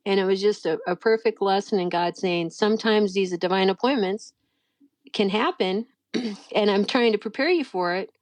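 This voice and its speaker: Sharing a faith story as a guest, a middle-aged woman speaks at a normal speed in a relaxed, chatty style, animatedly performing quoted voices with big upward pitch leaps. The recording is close and dry, free of room echo.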